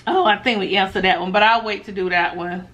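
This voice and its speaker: A woman chatting casually while she eats on camera, reading viewer questions aloud and answering in a laid-back, animated way that often breaks into laughs. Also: medium pitch, quick pace, muffled recording. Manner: animated, laughs often when telling stories. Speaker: mukbang vlogger.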